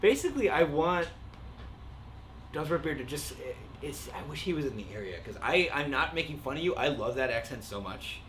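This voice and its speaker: A man's voice: on the high side, sing-song, brisk, a bit bright, slight background noise. A man from the Midwest, a guest composer, joking around in casual livestream chat. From American Midwest. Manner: joking, playful.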